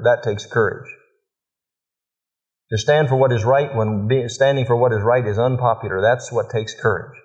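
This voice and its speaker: A middle-aged man preaching a sermon as pastor, telling family stories in a folksy way and acting out what he said to his children. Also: mid-range voice. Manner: folksy storytelling, acts out dialogue with his children. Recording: muffled lo-fi recording.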